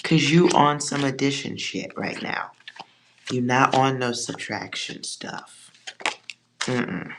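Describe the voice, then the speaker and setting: A tarot reader giving a casual collective reading, blunt and joking, with slangy asides and soft whispered side remarks. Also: medium pitch, noisy background.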